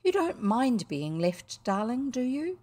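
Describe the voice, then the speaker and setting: A woman voicing an anxious, doting mother in a storybook reading, speaking gently. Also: fairly high pitch, big pitch swings, measured pace, pitched above the performer's own voice. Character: anxious, fond mother of a boy.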